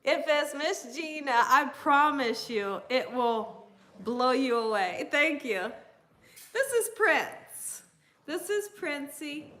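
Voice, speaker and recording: Southern woman host, high bright voice, chatty livestream manner. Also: animated, takes it slowly. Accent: Southern American. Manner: chatty, reads viewer comments aloud, coos to her dogs. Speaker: cooking channel host. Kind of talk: casual livestream chat.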